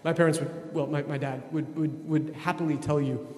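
Animated preacher in an echoing church. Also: male voice, on the high side, normal speed. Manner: animated, conversational, acts out voices. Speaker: priest. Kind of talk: sermon. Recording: echoey church with long reverb.

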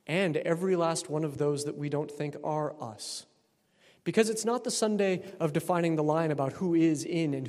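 Preaching a sermon with the long echo of a church, a drawling priest from Texas keeps things relaxed and conversational, slipping in dry jokes. His voice sits slightly higher than typical for a man and has a darkish tone.

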